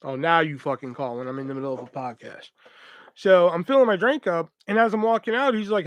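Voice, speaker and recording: A man hosting a podcast, telling a story in a casual, profane and animated rambling way. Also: on the high side, a little fast, no echo. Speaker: podcast host.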